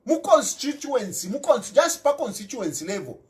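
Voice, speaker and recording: A Zambian-accented man delivers fiery political commentary, switching between English and his local language. He hammers his points by repeating lines and tossing out "eh?" and rhetorical questions, with his pitch swinging widely. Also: big pitch swings, moderate pace, darkish tone. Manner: emphatic, repeats phrases, peppers talk with rhetorical questions and "eh?".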